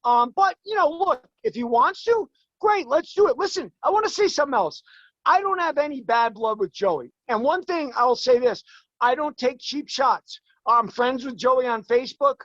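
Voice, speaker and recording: A man in his forties, a guest in an interview, talking emphatically and fast, his voice climbing as he gets worked up. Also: very high voice, a bit bright, dry recording, dull audio. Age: 40s. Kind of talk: heated interview talk.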